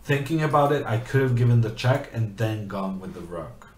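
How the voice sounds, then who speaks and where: A man's voice: medium pitch, lively intonation, normal speed, roomy sound, a little hiss or hum. A man streaming chess, chatting in a rambling way and reading viewers' questions aloud. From Norway. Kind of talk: casual commentary while playing chess.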